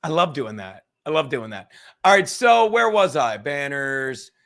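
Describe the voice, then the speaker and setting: A man's voice: fairly high pitch, big pitch swings, measured pace, fairly bright tone. A man hosting a livestream podcast in a casual, rambling, profane way, reading chat comments aloud as he goes. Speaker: podcast host.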